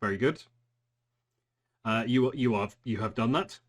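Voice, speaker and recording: A man's voice: medium pitch, a little slow, husky. A man narrating as game master for a tabletop role-playing game, joking along with his players.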